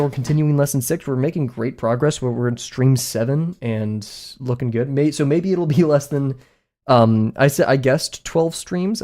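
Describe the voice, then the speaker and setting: A man's voice: mid-range voice, warm tone. A young man chatting casually to his viewers while drawing on a live stream, rambling and poking fun at himself. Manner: rambling and self-mocking, talks to chat. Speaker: art streamer.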